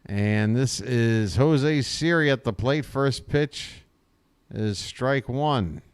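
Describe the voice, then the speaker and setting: A man's voice: medium pitch, slow pace, smooth, no echo. A man calling a baseball game live as a fan host, folksy and joking, talking to viewers as folks. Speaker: play-by-play host. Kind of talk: live fan play-by-play commentary.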